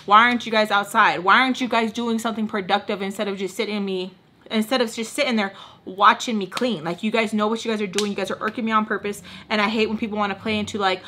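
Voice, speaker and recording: A young woman telling a storytime tale in casual chat, animated and exasperated, filling her talk with "like". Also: medium pitch, brisk, slight background noise. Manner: animated, exasperated, heavy use of "like". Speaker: vlogger.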